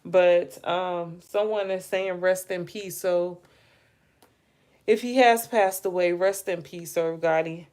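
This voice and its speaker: On a relaxed livestream, a woman gossips about celebrity news, thinking out loud and speaking straight to her viewers. Her voice is fairly low and darkish, slow, with a mostly flat intonation, and she yawns repeatedly, sounding worn out.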